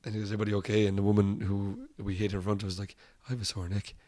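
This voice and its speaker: A man's voice: lowish voice, rapid-fire. An Irish musician in an interview, telling anecdotes casually and acting out the voices of people in his stories. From Ireland. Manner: animated anecdotes, acts out quoted voices, laughs often. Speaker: musician guest.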